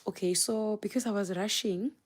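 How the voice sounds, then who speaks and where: A woman's voice: medium pitch, moderate pace. A South African woman with a Zulu accent, a native Zulu speaker, chatting casually and with lots of energy to viewers on a live phone stream and mixing in Zulu words.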